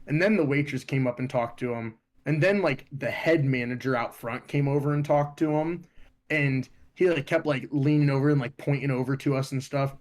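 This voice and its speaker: A young man from Ohio co-hosting a podcast, telling stories in a profane, animated way. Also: mid-range voice, normal speed. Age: young adult. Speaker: podcast co-host. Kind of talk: casual chat.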